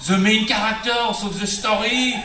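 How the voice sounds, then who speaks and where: A man's voice: sits high, steady tone, moderate pace, very noisy. A man from the Philippines doing a stand-up comedy set on a theater stage, chatty and full of "you know" fillers. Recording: echoey theater, far mic, loud laughing crowd.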